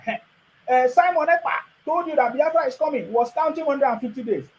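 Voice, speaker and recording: A man's voice: very high voice, fairly quick, slight background noise, poor audio. A man with a Nigerian accent giving a combative political monologue, addressing critics directly and repeating phrases for emphasis. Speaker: political commentator. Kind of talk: monologue to camera.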